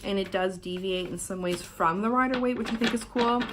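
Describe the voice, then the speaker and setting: A chatty young woman from Canada talks casually while flipping through a tarot deck, her voice sitting at an ordinary middle pitch. She swears offhandedly and slips into quiet asides. A faint hum of room ambience lies under her voice. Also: brisk. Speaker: tarot vlogger. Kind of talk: casual unboxing chat. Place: hotel room while travelling.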